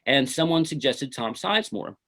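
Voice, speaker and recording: A middle-aged filmmaker, interviewed about his own film, talks in a relaxed, unhurried way at an ordinary middle pitch. He rambles through anecdotes, dropping fillers like "you know" and "uh" between thoughts in casual storytelling.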